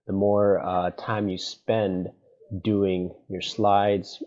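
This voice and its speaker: A man's voice: fairly low pitch, flat delivery, extremely slow, a little mellow. A man lecturing on presentation design in a conversational, playfully sarcastic way, checking in with "right?" and "okay?" again and again. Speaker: university lecturer. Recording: dull lo-fi lecture recording.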